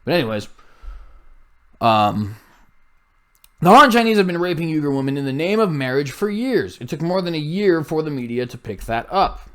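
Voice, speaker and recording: A man's voice: on the high side, sing-song, moderate pace, pauses often. A man hosting a commentary show, reading news aloud with blunt, scornful asides and frequent slips and self-corrections.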